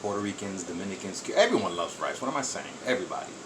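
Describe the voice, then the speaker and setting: A man with a low voice hosts his home cooking vlog, chatty and enthusiastic. He is recorded on the camera mic in his kitchen, with a steady air-conditioner hum behind him. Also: rapid-fire. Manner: chatty, enthusiastic, talks while eating. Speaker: cooking channel host.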